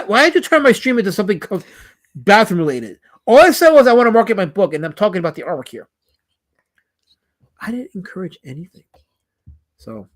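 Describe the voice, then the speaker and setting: A high-pitched man streams live as a comic creator, reading chat comments aloud. He rambles, repeating himself with frequent stutters.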